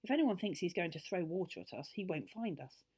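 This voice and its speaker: A woman's voice: on the low side, animated, brisk, darkish tone, husky. A woman doing a cheerful boy, Joe. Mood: cheerful eager. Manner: jolly, eager.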